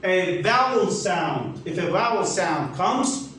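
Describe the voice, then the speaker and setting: A man with a Turkish accent teaching an English grammar lesson, speaking slowly and emphatically and spelling letters out. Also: high voice, lively intonation, fairly bright tone, heavy reverb, distant mic, slight background noise, poor audio.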